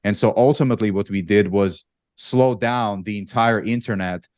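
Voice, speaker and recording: Low-voiced man telling a work story. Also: normal speed, no echo, studio quality. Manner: relaxed, many ums and restarts. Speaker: panel guest. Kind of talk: casual storytelling.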